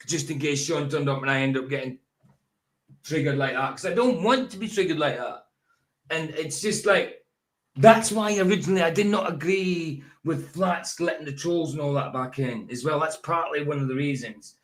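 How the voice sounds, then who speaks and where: A man's voice: a little high, fairly bright tone. A Scottish man hosting a casual chat, rambling and often repeating himself. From Scotland. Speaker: host. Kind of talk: casual chat reacting to a video.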